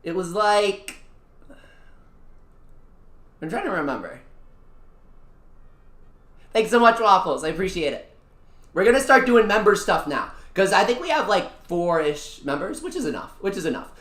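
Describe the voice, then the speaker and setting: A young-adult VTuber streamer chatting casually with viewers during a game, excitable and slangy, swinging from low mutters to loud wails. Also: normal speed, pauses often. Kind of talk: casual live-stream chat over a mobile gacha game. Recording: echoey room.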